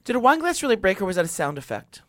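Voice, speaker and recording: A man co-hosting a casual chat, animated and full of joking gossip, sounding hungover. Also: sits high, racing, no room sound, clean studio sound. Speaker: podcast co-host.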